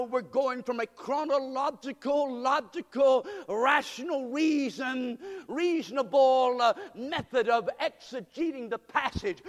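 A fervent preacher with a very high voice, his words ringing through a church with a long hall reverb. He drives the sermon hard and swells into shouts. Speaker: pastor. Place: church sanctuary. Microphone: church PA microphone.

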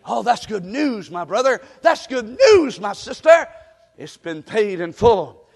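A pastor delivering a fervent sermon, often breaking into shouts. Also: male voice, high-pitched, very animated, a little slow, gravelly, a faint crowd. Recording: long reverb of a large hall.

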